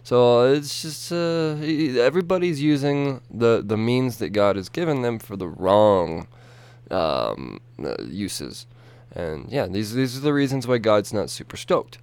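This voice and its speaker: A man's voice: medium pitch, lively intonation, measured pace, darkish tone, clear, resonant tone, dry recording. A young man casually retelling a story in a rambling, profane way, full of fillers and restarts.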